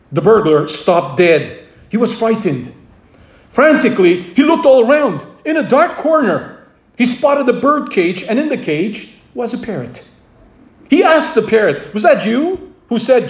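A man preaching a sermon, emphatic and repeating his key phrases, with a story told along the way. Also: high voice. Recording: roomy echo.

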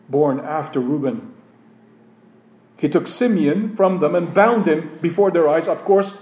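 A man preaching a slow, emphatic sermon and reading scripture aloud. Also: sits high, darkish tone, reverberant.

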